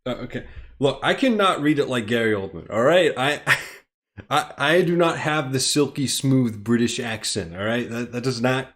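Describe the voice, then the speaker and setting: An American man reads a script live for his stream viewers, breaking off into rambling, self-deprecating asides. His voice sits at an ordinary male pitch and his talk is loose and unscripted. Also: animated, normal speed, fairly bright tone. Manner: rambling and self-deprecating, chuckling between phrases. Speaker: streamer, host.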